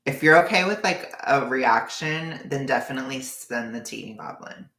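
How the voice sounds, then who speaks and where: A livestreamer in casual chat with viewers, knitting a scarf while rambling, full of "like" and quick bursts of laughter. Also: medium pitch, lively intonation, bright, forceful tone, echoey room. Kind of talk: casual live-stream chat.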